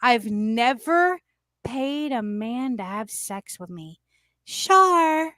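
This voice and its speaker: Woman host, fairly high voice, brash, swears a lot, dry close sound, casual live chat. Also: very animated, extremely slow, pushed and bright, no room sound. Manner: brash, profane and emphatic. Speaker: talk show host.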